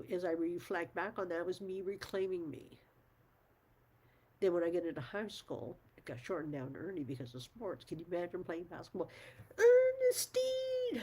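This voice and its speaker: A woman's voice: on the low side, dark tone, husky. A middle-aged woman talking frankly to her viewers, emphatic, swearing at times and laughing often. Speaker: channel host. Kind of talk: casual talk to camera.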